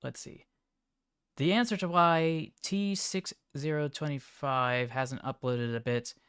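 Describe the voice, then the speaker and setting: A man livestreaming, reacting to chat images in an offhand, mumbling way with sudden excited outbursts. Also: a little high, slow, clear, resonant tone, no echo, studio quality. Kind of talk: casual live-stream commentary.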